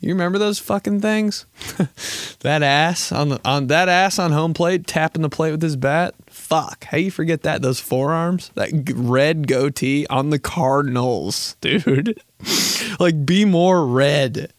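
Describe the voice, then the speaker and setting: A young man on his own podcast, riffing in a rambling, self-mocking, profane way, full of "like" and quick laughs. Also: a little high, no echo, clean studio sound. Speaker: podcast host. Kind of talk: casual comedic storytelling.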